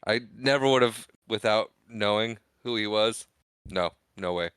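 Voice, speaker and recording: A man co-hosting a podcast who mostly reacts with short, dry remarks. He speaks slowly in a bright, clear voice. The recording is dry and close. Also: on the low side, no room sound. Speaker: podcast co-host. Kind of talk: casual chat.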